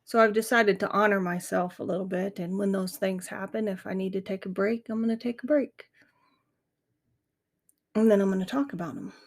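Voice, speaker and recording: Woman, middle-aged, podcast host, earnest, reflective, slight vocal fry. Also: medium pitch, fairly even intonation, brisk. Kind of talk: casual monologue.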